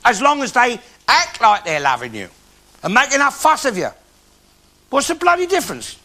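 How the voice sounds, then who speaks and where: A man's voice: very high-pitched, wildly swooping pitch, normal speed, sharp tone, heavily acted. An actor playing a bigoted, grumpy old working-class London man, swearing and blustering through a comic monologue for a live audience. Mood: ranting. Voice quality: blustering, swears a lot, cockney speech. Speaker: comic character in a live stage show. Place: theatre stage before an audience. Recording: noisy live TV show with audience laughter.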